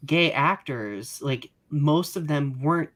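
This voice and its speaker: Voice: medium pitch, takes it slowly, fairly bright tone. Thoughtful, hedging podcast co-host. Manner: thoughtful, hedging, searches for words. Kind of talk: casual panel discussion.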